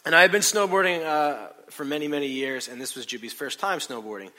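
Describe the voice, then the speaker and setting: Man, middle-aged, bright forceful voice, lively self-mocking storytelling, sermon. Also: on the high side, a little fast. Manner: animated, self-mocking storytelling with acted quotes.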